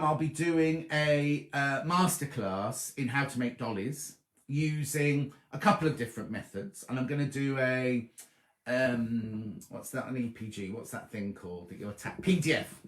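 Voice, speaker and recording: A slightly throaty man with a mid-range voice hosts a laid-back sewing stream from his bedroom, where the sound is roomy. He chats loosely and responds to viewers by name.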